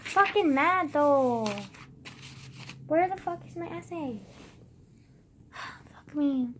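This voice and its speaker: Brief: teenage girl vlogger, high-pitched, fed up, swears a lot and sighs, light background hiss. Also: drawn-out words, a little mellow. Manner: exasperated, heavy swearing, frequent sighs and whispered asides. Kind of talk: casual venting to camera.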